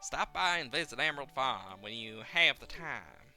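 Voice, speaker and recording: A woman's voice: a bass voice, lively intonation, moderate pace, bright, forceful tone, soft background music, full character voice. A man voicing a friendly, lonely farm woman from a farming game, reading her lines in a raised, welcoming tone.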